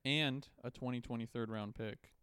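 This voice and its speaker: A man's voice: mid-range voice, fairly even intonation, moderate pace, pushed and bright, clear, resonant tone, no room sound. A man co-hosting a podcast in casual chat, joking around and slipping into silly voices. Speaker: podcast co-host.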